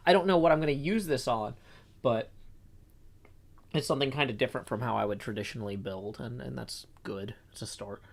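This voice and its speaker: Male host, relaxed stream chat, deadpan jokes, slow thoughtful delivery. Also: mid-range voice, creaky. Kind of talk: casual chat while drawing.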